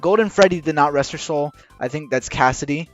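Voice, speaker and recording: A man rambling through a casual explainer while drawing, halting with many restarts and rushing against a timer. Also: fairly high pitch. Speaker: video creator explaining game lore. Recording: dull lo-fi recording with faint music.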